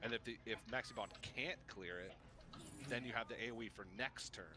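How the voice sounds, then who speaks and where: A man co-casting a card game live, working through lines of play and getting excitable. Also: mid-range voice, a little fast. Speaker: esports co-caster. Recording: broadcast with loud music behind.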